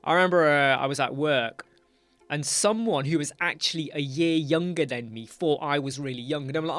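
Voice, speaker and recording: A man's voice: a little high, moderate pace, a bit bright, no room sound, soft background music. A man, chatting casually on a livestream while he works, ranting about clients. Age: 40s. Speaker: web designer livestream host.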